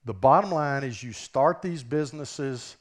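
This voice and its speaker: In a mid-range voice, a little slow, a Southern-accented business professor gives a keynote at a conference over a stage microphone. He talks conversationally and regularly checks in with the audience using rhetorical questions.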